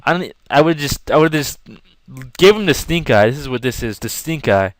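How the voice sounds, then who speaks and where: A man's voice: on the high side, normal speed, dry recording. A young man telling a rambling, casual story to camera while drawing, acting out scenes as he goes. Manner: rambling, animated, acts out yelling. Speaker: vlogger.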